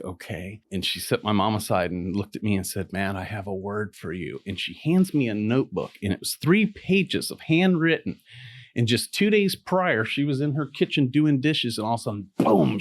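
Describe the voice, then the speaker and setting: A middle-aged man, a podcast guest, telling a personal story in a casual, animated way, acting out the voices of people he quotes and swearing now and then. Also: mid-range voice, no echo.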